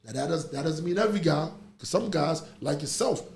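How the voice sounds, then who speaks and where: Gravelly middle-aged man telling stories. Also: a little high, a little fast. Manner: animated storytelling, laughs through stories. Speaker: podcast host. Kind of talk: casual chat. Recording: echoey room with faint noise.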